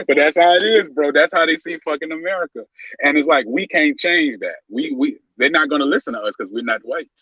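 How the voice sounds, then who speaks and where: A man's voice: fairly high pitch, a little fast, sharp tone, slightly rough, dry recording. A man joining a livestream as a guest in casual chat, heated, emphatic and profane. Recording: muffled, dry call audio.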